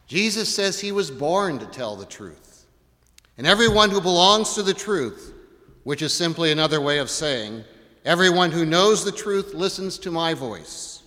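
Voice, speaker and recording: Man, pastor, sermon, bright voice, long hall echo. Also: fairly high pitch, expressive, moderate pace. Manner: asks the congregation repeated questions. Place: church.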